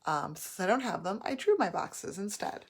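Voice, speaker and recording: A woman teaching a phonics lesson, sounding out words slowly and clearly, syllable by syllable. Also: mid-range voice, expressive.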